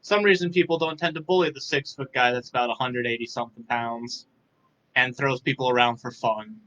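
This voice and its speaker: A young man with dry, self-deprecating humor, talking softly and a little tired in a casual live interview. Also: medium pitch, fairly even intonation, a little fast, muffled recording. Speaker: guest.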